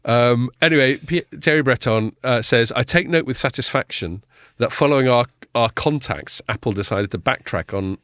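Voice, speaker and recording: In a studio-quality recording with no room sound, a podcast host chats casually at a normal speed with few pauses. His medium-pitched voice is a bit bright, and his loose talk is full of casual swearing, fillers, and restarts.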